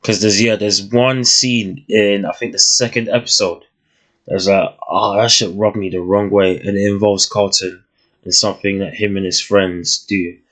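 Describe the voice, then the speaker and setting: A young man with a fairly low voice talks through his thoughts on a new series. He sounds casual and reflective, and he often stops, restarts and searches for the right word. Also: steady tone, normal speed, a bit bright. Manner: thoughtful, hesitant, many restarts and fillers. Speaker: TV reviewer. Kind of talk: casual spoken review.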